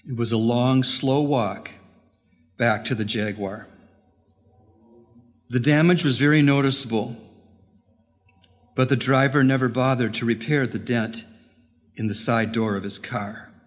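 A man's voice: mid-range voice, steady tone. Earnest male pastor in a reverberant hall. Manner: earnest, deliberate pauses. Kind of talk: sermon with storytelling.

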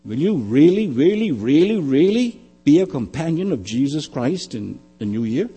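An older male pastor preaching a sermon, building emphatically on repeated phrases and then dropping to quiet asides. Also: very animated, normal speed, breathy edge, faint music behind. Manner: emphatic preaching, swelling louder and higher on key phrases.

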